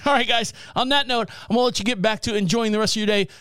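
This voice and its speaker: A man with a fairly high voice hosts a casual podcast from a small studio. He talks in a sarcastic, jokey way and laughs often. The sound is dry and close to the mic. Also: racing, fairly bright tone, clear, resonant tone, dry recording. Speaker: podcast host.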